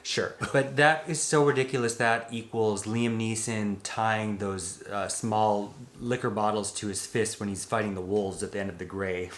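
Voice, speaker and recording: A man's voice: on the low side, steady tone, normal speed, few pauses, a little hiss or hum. Opinionated man in an echoey room. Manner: opinionated, references older films. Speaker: film review podcast co-host. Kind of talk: casual chat.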